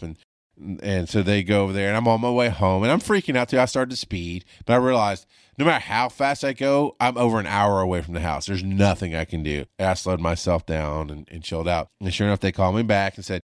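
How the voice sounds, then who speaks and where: A middle-aged man and paramedic telling a story in a casual monologue, profane and animated, his voice jumping high when he acts out panic. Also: fast talker, smooth, dry recording, studio quality. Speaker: paramedic podcast host.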